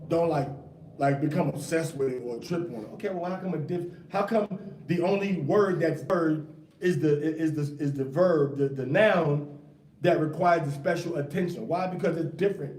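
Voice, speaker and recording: A man's voice: a little high, moderate pace, a little mellow. A man teaching a casual scripture class. He fires rhetorical questions at his students in a loose, slangy way. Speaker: Bible teacher. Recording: echoey room, mic far off.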